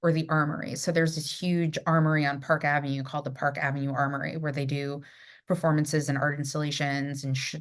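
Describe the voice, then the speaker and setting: Low-voiced New York woman, chatty. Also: brisk. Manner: chatty, animated storytelling with frequent fillers. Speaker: guest, theatre director. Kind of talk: casual podcast chat.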